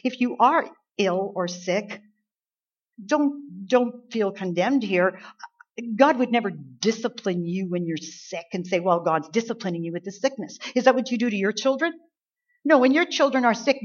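A woman pastor delivering a sermon, building to emphatic peaks and dropping to soft, earnest tones. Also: fairly high pitch. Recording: dull lo-fi church recording.

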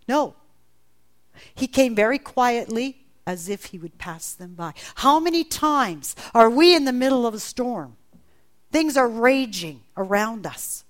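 A woman preaching a sermon, animated, acting out the voices in the Bible story she retells. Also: a little slow. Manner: animated, acts out voices in quotes with big pitch jumps.

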